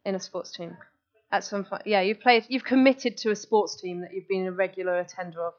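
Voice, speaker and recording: A woman's voice: mid-range voice, steady tone, a little fast. A woman giving an enthusiastic, chatty live talk to an audience as a guest speaker, restarting her sentences as she goes. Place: meeting room with audience. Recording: dull lo-fi live recording.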